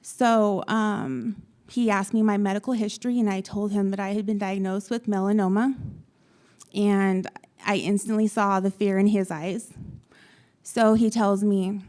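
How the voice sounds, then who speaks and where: A young adult woman from Utah, a patient on a panel, telling her story to an audience with frequent pauses and ums. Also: medium pitch, level tone, a little mellow. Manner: halting, many ums, retells dialogue. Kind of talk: personal story told to an audience.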